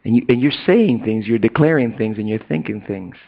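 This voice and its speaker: A middle-aged man preaching a sermon as a pastor, chatty and casual, who swings from loud, high bursts to hushed, low asides. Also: lively intonation, fairly quick, creaky. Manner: casual slang and asides to the congregation. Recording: dull lo-fi recording.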